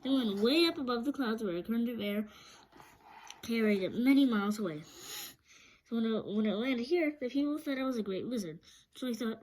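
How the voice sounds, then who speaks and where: A woman reading a storybook aloud, voicing a timid little old man who poses as a wizard, speaking gently and explaining himself. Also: fairly high pitch, lightly acted, rough recording. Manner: gentle, explaining, trembling at first.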